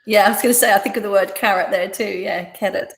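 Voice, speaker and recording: A woman's voice: mid-range voice, steady tone, quick pace, creaky. A woman learning in a casual one-to-one language lesson, chatty and playful, repeating words back.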